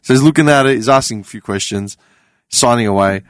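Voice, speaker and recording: An Australian man on a podcast panel, telling a story in a casual, animated way. He acts out the people in his story, swears casually and laughs often. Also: medium pitch, fairly quick, smooth, no room sound, clean studio sound.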